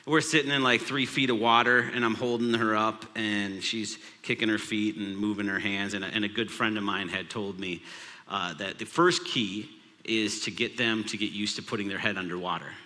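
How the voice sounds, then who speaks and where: A man's voice: fairly low pitch, fairly even intonation, moderate pace, bright, forceful tone. A man in his thirties, a pastor, telling a humorous family story in a sermon. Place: large church auditorium. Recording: long hall reverb.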